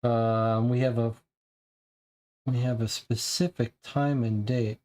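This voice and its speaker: A man's voice: mid-range voice, steady tone, takes it slowly, long pauses, warm tone. A man playing a game and thinking aloud as he takes notes. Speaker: game player. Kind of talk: casual game commentary.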